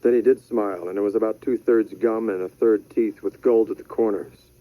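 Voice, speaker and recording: A man narrating a thriller audiobook in a measured, deadpan manner. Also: fairly low pitch, no echo. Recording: dry, slightly dull studio audio.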